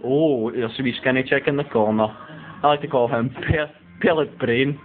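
A young man doing a joking mock football commentary among friends in a living room, excitable and cheeky with sudden yelps. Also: medium pitch, normal speed, soft background music. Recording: tinny lo-fi home video.

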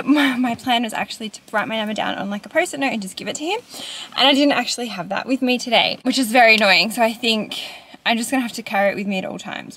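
A young woman in her twenties chatting casually to her camera for a vlog, giggly and quick to swear. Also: on the high side, pushed and bright, a little hiss or hum. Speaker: vlogger.

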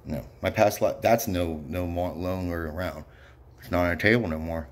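A man's voice: low-pitched, normal speed. A man delivering an angry, rambling monologue, bitter and profane, with frequent muttered asides. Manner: bitter, profane, ranting with repeated yeps.

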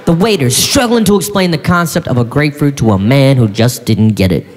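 A man performing stand-up comedy, telling a story in an animated, incredulous way with sudden shouts. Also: mid-range voice, fairly quick. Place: live comedy venue on stage. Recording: live stage in a reverberant hall with faint crowd ambience.

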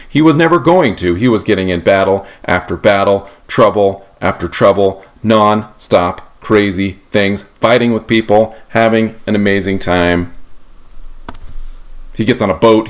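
A man tells a history tale in a casual, animated, playful way, as an author pitching his own book. His voice sits fairly low. He talks with the ease of someone chatting to young readers. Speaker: author telling his book's story.

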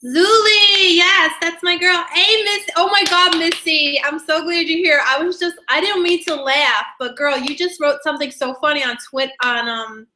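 Bubbly high-voiced woman live-streaming. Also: bright, forceful tone, a little hiss or hum. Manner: bubbly, drawn-out greetings, giggly. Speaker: YouTuber greeting live chat viewers. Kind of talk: casual live-stream chat. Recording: echoey room.

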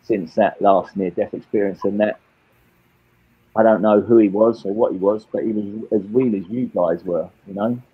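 A man's voice: lowish voice, fairly even intonation, normal speed, slightly rough, narrow, tinny audio. A Cockney man in his late fifties, a guest telling his own life story in a rambling way, often repeating and restarting his words. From England. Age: 50s. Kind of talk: candid personal storytelling.

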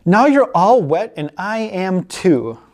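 A woman's voice: mid-range voice, big pitch swings, slow, a little mellow, voice pushed up. A woman reading aloud, voicing a patient mother in a picture book. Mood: gentle. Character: patient mom, gently fussing.

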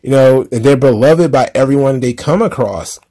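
A man's voice: mid-range voice, normal speed, warm tone. Laughing man recapping wrestling casually. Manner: laughs often, sarcastic asides, lots of fillers. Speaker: wrestling commentary podcaster.

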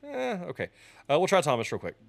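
A man's voice: fairly high pitch, huge pitch swings, fast, creaky. Chatty man walking through a tutorial. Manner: chatty and loose, with frequent ums and restarts. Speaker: streamer teaching a software tutorial. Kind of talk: casual screen-recorded tutorial.

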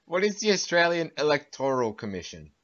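A young man reads test questions aloud in a halting, hesitant way during casual podcast banter. His voice is bright and clear-toned. The audio is dull and lo-fi. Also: on the high side, big pitch swings. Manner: hesitant, halting, fillers while reading. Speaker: podcast co-host. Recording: dull, lo-fi home recording.

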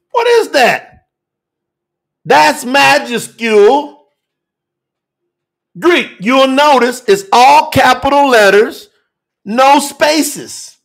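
This scripture teacher's voice is very high-pitched and creaky as he preaches to a telethon crowd. Fiery and emphatic, he repeats phrases and shouts at times.

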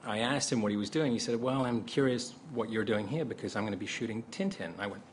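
A man's voice: lowish voice, fast talker. A man telling a funny anecdote on stage to a convention crowd, stammering and acting out the people he quotes. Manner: animated storyteller, stammers and acts out quotes. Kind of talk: live storytelling to a convention crowd. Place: large convention hall with a live audience. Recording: crowd and noise in a big hall. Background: crowd laughter and ambient noise.

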